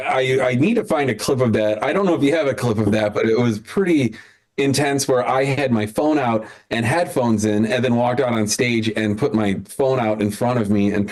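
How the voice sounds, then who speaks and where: A man's voice: mid-range voice, a little mellow. A man hosting an online comedy show, rambling and restarting, laughing at his own jokes. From Chicago area. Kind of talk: casual hosting banter on a video call.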